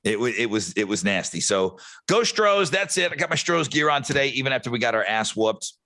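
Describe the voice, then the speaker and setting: A man's voice: on the low side, animated, quick pace, bright, forceful tone. A man co-hosting a podcast, bantering easily in casual chat about sports and his partner's stories. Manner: easygoing banter, cheering his sports team. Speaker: podcast co-host.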